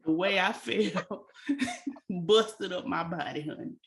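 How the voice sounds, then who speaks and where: A woman's voice: on the low side, takes it slowly, creaky, very noisy. A young adult woman co-hosting a casual chat, telling stories with lots of laughter and calling people honey. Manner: animated storyteller, laughs often, says "honey". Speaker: co-host.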